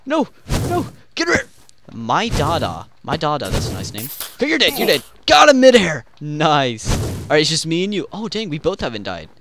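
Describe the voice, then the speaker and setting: Excitable high-voiced man, loud game noise. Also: normal speed. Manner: excitable, yelps and trash-talks opponents. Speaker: gaming channel host. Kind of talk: gameplay commentary.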